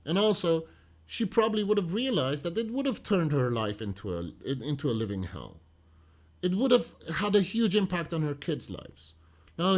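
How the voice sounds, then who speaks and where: Animated man doing reaction commentary. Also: fairly high pitch. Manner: animated, argumentative, acts out quotes. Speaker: true crime reaction commentator.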